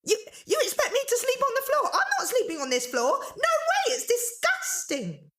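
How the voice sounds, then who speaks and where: A woman's voice: very high-pitched, wildly swooping pitch, moderate pace, fairly bright tone, voice pushed up, exaggerated voice. A woman storyteller voicing a rude, bratty young girl who whines shrilly and sounds indignant. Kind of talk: storybook character voice.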